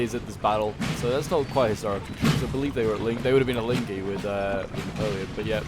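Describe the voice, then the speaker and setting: A man's voice: on the low side, rapid-fire, few pauses. Rambling male gameplay commentator. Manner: rambling, thinks aloud with many fillers. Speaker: game commentator. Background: background music.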